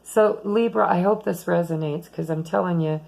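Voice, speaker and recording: A woman giving a chatty, rambling tarot reading at home late at night, losing her voice and talking softly at times. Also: fairly low pitch, normal speed, gravelly, low-quality recording. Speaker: tarot reader.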